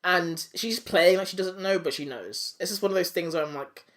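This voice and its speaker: A man's voice: sits high, fairly quick, fairly bright tone. A man hosting a podcast, casually recapping a cartoon episode with silly voices and swearing. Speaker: podcast host.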